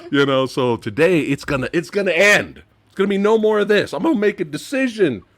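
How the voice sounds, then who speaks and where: A man hosting a casual movie-review chat, animated and laughing often, his voice dropping low at the end of phrases. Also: fairly quick, dry recording. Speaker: podcast host.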